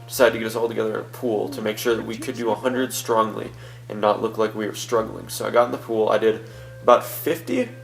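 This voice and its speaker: A man's voice: fairly low pitch, fast, vocal fry, low-quality recording. A young man hosting a let's-play, chatting casually and rambling through a story with many fillers. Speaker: gaming channel host.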